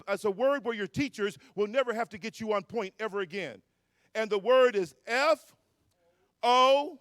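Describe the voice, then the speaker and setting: Man with a high, bright voice firing up a conference crowd, slangy, call-and-response energy. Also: no echo, clean studio sound. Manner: energetic, hyping up the crowd, counting off and shouting; slangy and playful. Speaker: motivational speaker at a youth conference. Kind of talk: motivational speech with call-and-response. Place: hotel ballroom at a live event.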